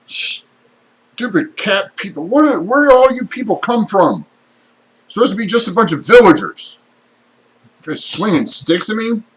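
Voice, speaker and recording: A man voicing a loud, bewildered male bandit at a tabletop game. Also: high-pitched, big pitch swings, a little slow, pauses often, pitched above the performer's own voice, rough recording. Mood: angry. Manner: yelling, incredulous.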